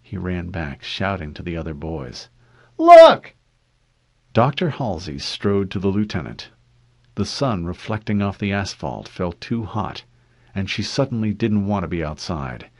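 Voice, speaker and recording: A man reading a novel aloud as a narrator, expressive and steady. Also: no room sound. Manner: expressive reading with lively pitch. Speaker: audiobook reader. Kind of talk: fan audiobook narration.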